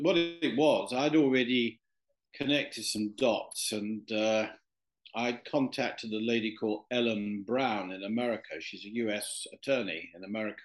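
Rambling man telling a story. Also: on the low side. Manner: rambling, with many fillers and restarts. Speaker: interview guest. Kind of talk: anecdotal storytelling in conversation.

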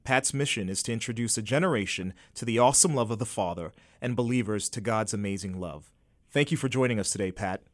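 A man hosting a podcast interview, reading introductions and asking questions in a halting way with repeated words. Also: on the low side, no echo, clean studio sound. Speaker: podcast host.

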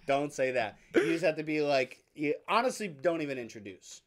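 A man's voice: on the high side, expressive, brisk. A man co-hosting a podcast, chatting casually with friends and teasing while giving advice. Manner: joking, teasing, gives advice. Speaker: podcast co-host. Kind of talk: casual chat among friends.

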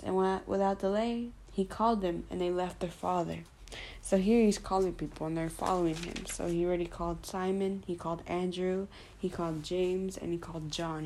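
A woman with a slightly low, mellow voice walks through a Bible passage in a relaxed, informal way. She talks loosely and stops to correct herself. She fills pauses as she thinks aloud. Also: slight background noise. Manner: loose and conversational, with fillers and self-corrections. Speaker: Bible study presenter. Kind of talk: casual retelling of scripture.

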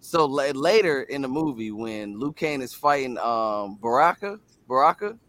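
Laid-back man with lively pitch. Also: moderate pace. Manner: laid-back storyteller, laughs easily. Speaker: podcast panelist. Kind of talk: casual roundtable chat.

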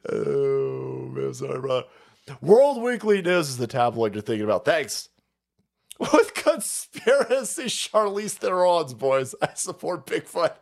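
This livestream host delivers a profane, sneering rant about politics, often bursting out laughing. His pitch is fairly high and sing-song, his pace unhurried, with a creaky texture to the voice.

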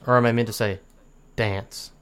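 A man's voice: on the low side, steady tone, normal speed, fairly bright tone. A man with a New Zealand accent chatting casually as a podcast guest, rambling through stories, laughing often and swearing casually.

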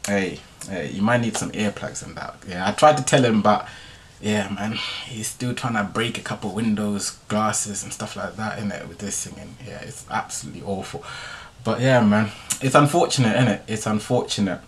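Young man, podcast host, casual story monologue, slangy tag questions, lowish voice. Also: moderate pace, slight background noise. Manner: laid-back slangy delivery, tag questions.

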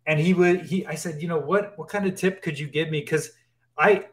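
A man speaking a little above the usual male pitch, guesting in a relaxed interview. He talks with open enthusiasm, stumbling over repeats and restarts as the ideas tumble out. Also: moderate pace. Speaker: animation guest. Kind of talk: casual interview talk.

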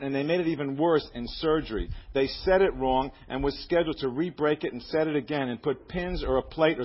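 A man preaching on the radio reads a listener's letter aloud as part of a sermon, sounding earnest, fervent and full of praise. His voice is fairly high and slightly rough, and the broadcast sounds dull and lo-fi.

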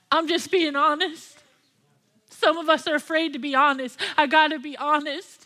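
A woman's voice: sits high, fairly even intonation, normal speed, pushed and bright. A young woman pastor and worship leader giving an impassioned, candid sermon with personal testimony.

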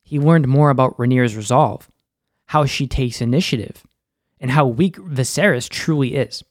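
In a dry, studio-quality recording, a young male recap host talks at medium pitch and normal speed. His breakdown of a TV episode is casual and profane, loaded with fillers and constant use of "like".

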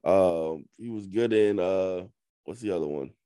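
A man co-hosting a podcast, chatting casually and poking at his co-host with skeptical, teasing remarks. His voice sits very deep, and the sound is dry and close. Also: a little slow, mellow, clean tone, no echo. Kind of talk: casual chat.

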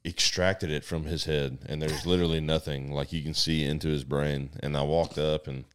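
A man who works as a sheriff's deputy, telling profane jail and patrol stories in a casual, animated way. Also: rumbling low, moderate pace, clean tone. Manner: profane, animated storyteller, loud when acting out the chase. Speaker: sheriff's deputy in livestock division. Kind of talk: casual storytelling.

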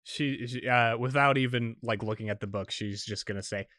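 A man's voice: medium pitch, normal speed, a bit bright, dry recording, studio quality. A man narrating as game master of a tabletop role-playing game, loose and full of hedging fillers.

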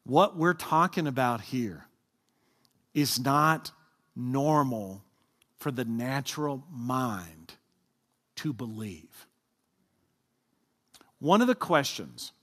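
A man's voice: fairly high pitch, a bit bright. A man preaching a sermon, talking with his congregation and asking them to answer aloud. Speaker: pastor. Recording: long hall reverb.

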